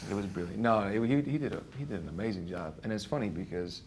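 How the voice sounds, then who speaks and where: A man from the United States, an actor answering in a relaxed interview chat with short agreeing replies. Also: fairly low pitch, fast talker, noisy background.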